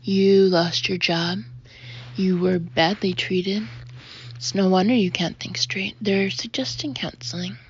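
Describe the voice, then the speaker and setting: A pushy male colleague pleads and presses in an audiobook scene, as a woman reads him out. The voice is husky and insistent, and the audio sounds muffled and dull. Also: mid-range voice, fairly even intonation, unhurried. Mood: urgent pleading. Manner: urgent, pressing. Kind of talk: audiobook character reading.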